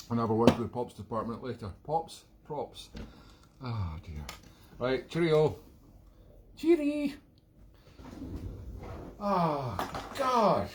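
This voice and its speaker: A man's voice: medium pitch, a little hiss or hum. Self-mocking Scottish man chatting. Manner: self-mocking, rambling asides. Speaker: accordion player hosting a live stream gig. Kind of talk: casual chat between songs. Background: loud accordion music.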